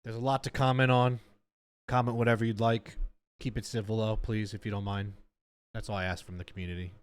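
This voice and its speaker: A man's voice: lowish voice, flat delivery, fairly quick, smooth. A man hosting a reaction video, talking bluntly and heatedly straight to his viewers in a casual way.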